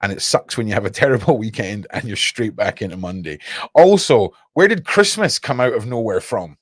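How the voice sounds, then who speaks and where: A man's voice: on the low side, animated, fairly quick, no room sound, studio quality. A young man hosting a livestream, rambling casually and talking straight to his chat viewers. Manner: rambling, cryptic, chats to viewers. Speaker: livestream host.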